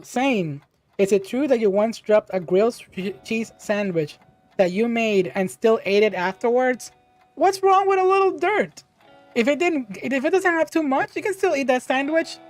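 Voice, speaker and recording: A woman's voice: a little high, darkish tone. Bubbly woman streamer, laughs a lot. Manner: bubbly, laughs often, exclaims and restarts. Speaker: podcast host and streamer. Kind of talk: casual livestream chat reading viewer questions.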